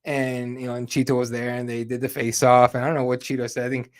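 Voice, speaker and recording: A man's voice: mid-range voice, level tone, quick pace. A man chatting casually as the host of a live fight talk show. His talk is loose and conversational, full of fillers, and he swears freely. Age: adult with kids. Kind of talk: casual chat.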